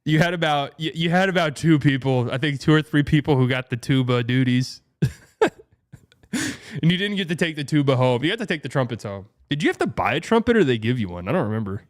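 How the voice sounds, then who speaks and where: A man's voice: on the high side, lively intonation, a little fast. A young man hosting a casual livestream, rambling through a story, laughing often and swearing. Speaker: streamer and show host.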